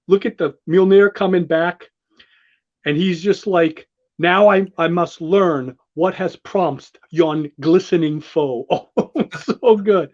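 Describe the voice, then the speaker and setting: A high-pitched man talks in an excitable, gushing ramble, often restarting his sentences. The sound is dull and lo-fi. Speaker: show host walking through a comic. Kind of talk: enthusiastic casual commentary.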